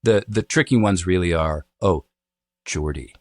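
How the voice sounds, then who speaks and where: A man, a dialect coach, answering interview questions in a relaxed, explanatory way with many fillers. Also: deep voice, measured pace, no echo. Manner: thoughtful, explanatory, with frequent fillers.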